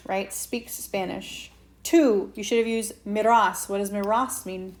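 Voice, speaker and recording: A woman teaches a Spanish class at an unhurried pace. She explains each point with patience and keeps checking in with her students. Her voice sits at a middle pitch. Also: fairly even intonation. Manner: slow patient explaining, asks students questions. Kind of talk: recorded whiteboard lesson. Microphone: tablet mic.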